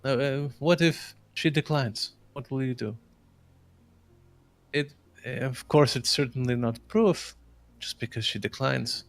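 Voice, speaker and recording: A man voicing a nervous, cautious male village priest in a tabletop game, speaking hesitantly with many halting pauses. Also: medium pitch, vocal fry, dry recording. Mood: wary. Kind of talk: improvised character voice in a tabletop game.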